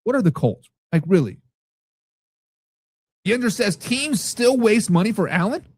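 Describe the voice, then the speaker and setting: A man hosting a casual football talk show, reading viewer comments and reacting loudly with profanity. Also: sits high, very animated, measured pace, husky, no echo. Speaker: podcast host reading live chat.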